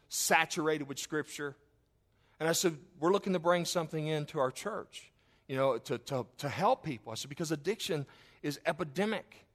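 A middle-aged man preaches from the pulpit in a fairly high voice. He tells a story full of quoted back-and-forth and leans hard into the punch lines. He slows way down and gets loud when he drives a point home. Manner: storytelling, quoting others in dialogue; swells loud and slow on emphatic lines. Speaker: pastor. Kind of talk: sermon.

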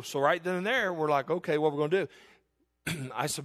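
A middle-aged man preaching from the pulpit, telling a story from his own life. His voice sits a little high for a man and he is earnest, swinging between loud emphatic declarations and quiet, hushed passages. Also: a little fast. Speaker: pastor. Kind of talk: sermon with personal story.

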